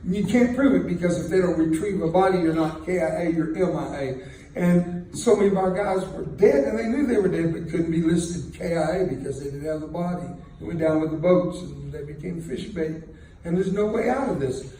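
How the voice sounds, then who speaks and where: A man's voice: a little high, a little fast, dark tone. An older man telling a war story to an audience in a folksy, joking way, chuckling as he talks. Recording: very echoey room, distant mic, faint noise.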